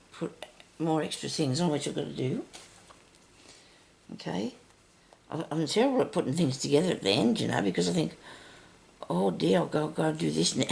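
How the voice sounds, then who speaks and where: An older woman with a raspy, deep voice, chatting and rambling through a casual stitching tutorial as host. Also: darkish tone. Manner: chatty, rambling, self-interrupting.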